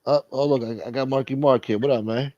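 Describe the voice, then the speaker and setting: A man's voice: medium pitch, fairly even intonation, fast, warm tone, no echo, dull audio. A man hosting a live stream, chatting in a laid-back way and cursing freely. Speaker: stream host. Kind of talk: casual chat.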